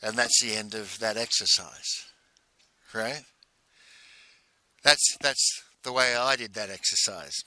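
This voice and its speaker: A man telling a personal story in a casual, halting way, full of restarts and repeated words. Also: lowish voice, sharp tone, no echo. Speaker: speaker recounting a personal exercise.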